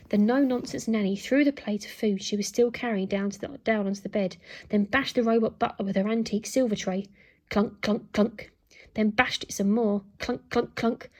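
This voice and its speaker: A teacher, a woman, reading a children's book aloud with lively storytelling and acted sound effects. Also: medium pitch, normal speed, husky.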